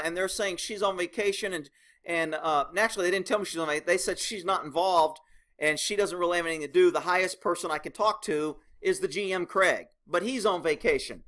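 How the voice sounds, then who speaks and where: Man, high-pitched, exasperated, sarcastic vlog rant. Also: a little fast, pushed and bright. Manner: exasperated, sarcastic storytelling, acts out both sides. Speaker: vlogger recounting a complaint. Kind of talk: animated complaint rant.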